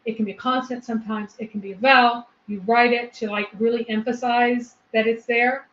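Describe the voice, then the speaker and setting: Woman co-host, patient explainer, slightly high voice, dull lo-fi sound. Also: steady tone, a little fast, a bit bright. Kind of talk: explanatory discussion. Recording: echoey, lo-fi room recording.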